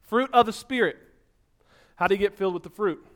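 A man preaching an energetic, animated sermon, so physically active that he sounds out of breath at times. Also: high-pitched, a little fast.

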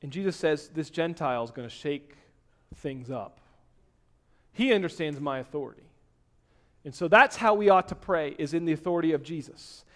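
A man preaching a sermon, dropping to hushed tones and then rising to loud, emphatic exhortation. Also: a little high. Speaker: pastor.

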